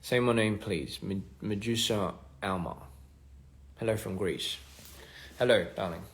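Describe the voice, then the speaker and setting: A man's voice: fairly low pitch, unhurried. A man chatting casually on a phone livestream, reading fan comments and rambling as he trails off between thoughts. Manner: rambling, trails off, soft-spoken asides.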